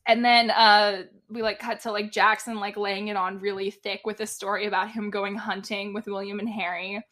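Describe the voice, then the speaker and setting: Bright-voiced woman in casual recap chat. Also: medium pitch, level tone, normal speed. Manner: chatty, laughs often, many "like" fillers. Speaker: podcast co-host.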